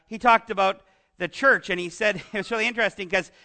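A man's voice: high voice, steady tone, fast, creaky, pushed and bright. A man with a Canadian accent preaching a conversational sermon, chatty and joking with his congregation, trailing into asides and restarts. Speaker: pastor.

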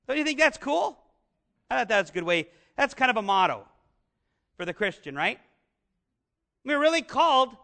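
High-voiced, bright pastor preaching. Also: male voice, very animated, normal speed, vocal fry, pauses often. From northern United States. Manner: conversational, asks the congregation questions, jokes. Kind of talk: sermon.

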